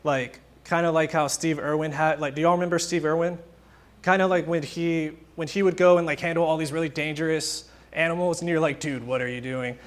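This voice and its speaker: Casual young preacher, slightly high voice. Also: male voice, brisk. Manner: informal, animated storytelling with acted-out quotes. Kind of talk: casual conversational sermon.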